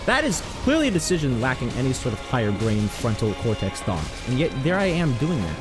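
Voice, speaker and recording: A man's voice: medium pitch, huge pitch swings, fast talker, music in the background. Chatty young man streaming a game. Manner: chatty, rambling, self-mocking. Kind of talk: casual gameplay commentary.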